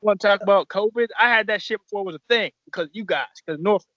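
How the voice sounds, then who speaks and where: Rambling wrestler guest, dull lo-fi sound. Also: male voice, high-pitched, quick pace, bright, forceful tone, no echo. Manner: rambling, profane, restarts often. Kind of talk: casual podcast storytelling.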